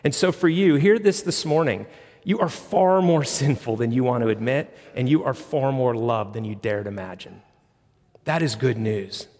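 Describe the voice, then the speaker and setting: A man's voice: medium pitch, lively intonation, moderate pace, a little mellow, big-room sound. A man preaching a sermon as a pastor, earnest and conversational, retelling scripture scenes with vivid asides.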